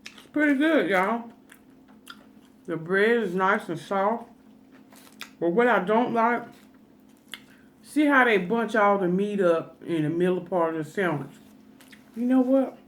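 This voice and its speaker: A woman food vlogger telling a funny story in a chatty, folksy way while eating, with laughing asides. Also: medium pitch.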